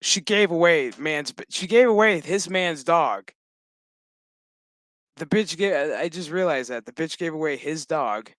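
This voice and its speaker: A man's voice: a little high, a little slow, no echo. A man casually recapping a TV episode, swearing freely and joking as he goes. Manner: profane, joking, animated storytelling. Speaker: show recap host.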